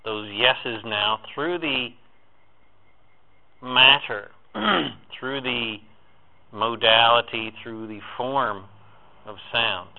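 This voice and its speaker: A man guides a group through a spiritual talk, building phrase on phrase in an incantatory, repetitive rhythm that rises into emphatic swells. His voice sits at an ordinary middle pitch. The recording is thin and tinny, like a phone line. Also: drawn-out words, long pauses. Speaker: spiritual workshop leader.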